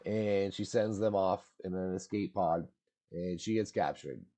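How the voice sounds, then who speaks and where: A laid-back man with a lowish voice recaps a movie in loose, slangy chat. His tone is mellow and relaxed, and his sentences wander with lots of filler words. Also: a little slow.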